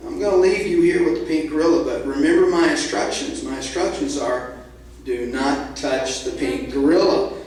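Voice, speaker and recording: A man's voice: a little high, fairly quick, darkish tone, natural voice. A man playing a boastful pet owner who insists on his rules, in a live storytelling. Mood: insistent. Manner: insistent, bossy about rules. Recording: echoey hall, distant mic.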